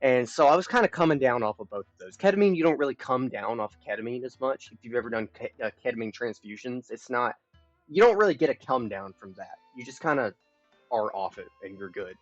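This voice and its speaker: A young man livestreaming, telling a long personal story in a rambling, profane way, dropping to mumbles and rising to loud bursts. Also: medium pitch, animated, brisk, no room sound, faint music behind. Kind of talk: casual confessional storytelling. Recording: dull lo-fi stream audio.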